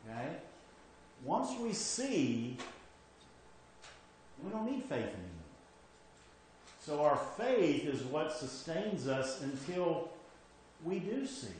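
A man preaching a conversational sermon as pastor, shifting from emphatic to hushed, with frequent restarts. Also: on the high side, big pitch swings, takes it slowly, pauses often, very echoey, slight background noise, rough recording.

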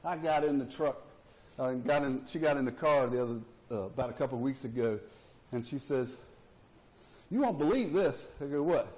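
A man's voice: medium pitch, lively intonation, moderate pace, a little mellow. A middle-aged man, preaching a sermon in a folksy, plainspoken way and acting out the voices in his stories. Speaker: pastor. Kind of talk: sermon with storytelling.

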